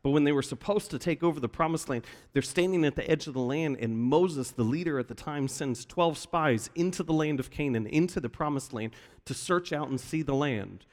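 Preaching in a church sanctuary, a male pastor brings his story to life by acting out the voices he quotes. His pitch leans high and his pace is fairly quick, while the big hall's long reverb hangs on every word.

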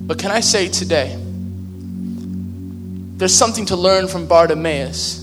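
A man's voice: high-pitched, unhurried, pauses often. A man, a pastor, preaching a sermon in a conversational, humorous way in a large church hall. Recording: long hall reverb with faint music.

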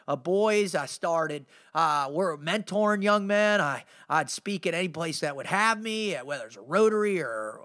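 A man's voice: high-pitched, bright, forceful tone. A middle-aged man hosting a motivational podcast, telling a story in a fired-up, slangy way and saying "man" a lot. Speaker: podcast host and motivational speaker. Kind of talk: energetic storytelling monologue.

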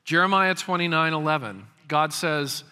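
Pastor in his 50s, fairly high bright voice, emphatic sermon, stutters into phrases, long hall echo. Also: expressive, moderate pace, smooth. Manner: emphatic, repeats words when starting phrases.

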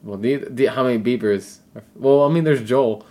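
A man co-hosting a casual podcast chat, with a dry, sarcastic, low-key delivery. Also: moderate pace, a little mellow. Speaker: podcast co-host.

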